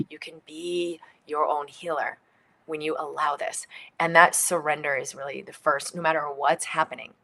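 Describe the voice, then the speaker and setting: A middle-aged woman hosting a book launch livestream, reading and talking in an animated way with some whispered moments. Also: sits low. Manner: animated, acts out little quoted voices, drops to near whispers.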